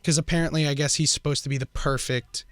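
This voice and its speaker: A man's voice: fairly high pitch, steady tone, fast, dry recording. A young man co-hosting a podcast, talking casually and slangily about a film. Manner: casual, slangy, hesitant restarts. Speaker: podcast co-host.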